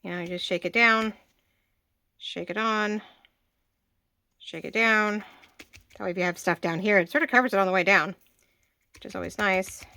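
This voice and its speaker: A woman in her forties talks through a craft project at her table in a loose, rambling way, often stopping and restarting her sentences. Her voice sits at an ordinary middle pitch. The recording is dry and close, with almost no room sound. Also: moderate pace, long pauses, sharp tone, no echo. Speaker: craft channel host. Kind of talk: casual craft tutorial.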